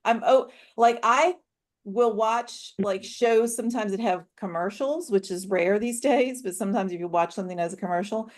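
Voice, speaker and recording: Animated woman telling a story. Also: medium pitch, moderate pace. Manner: animated storyteller, acts out dialogue. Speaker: coach and discussion host. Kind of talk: casual roundtable discussion.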